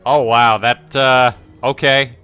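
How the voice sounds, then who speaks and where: A young man giving casual, excitable commentary over his own gameplay, swearing freely and breaking into yelps and laughter. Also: medium pitch, slow pace, clean tone, soft background music. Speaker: gameplay streamer.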